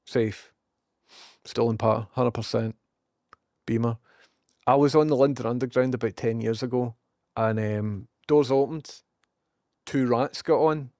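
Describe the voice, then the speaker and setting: In a casual live-stream rant, a Scottish man with a slightly mellow mid-range voice rambles and jokes sarcastically with viewers, swearing freely. There's no room sound, just clean studio audio.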